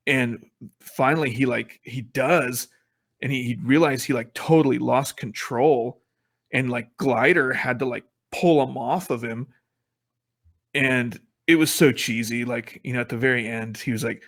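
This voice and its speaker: A man's voice: mid-range voice, unhurried, a bit bright. A man co-hosting a casual talk show, rambling through his thoughts with lots of fillers and restarts. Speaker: podcast co-host. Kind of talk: casual comic review chat.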